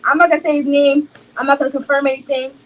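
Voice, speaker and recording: A woman's voice: high-pitched, little pitch movement, fast talker, a little hiss or hum, poor audio. A young woman telling a casual storytime, rambling and repeating herself as she acts out what people said. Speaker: storyteller in a clip.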